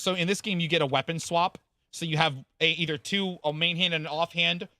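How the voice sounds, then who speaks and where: Bright-voiced rambling game streamer man. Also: a little high, dry recording. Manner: rambling, chatty, thanks viewers by name; casual swearing. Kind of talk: casual live-stream chat.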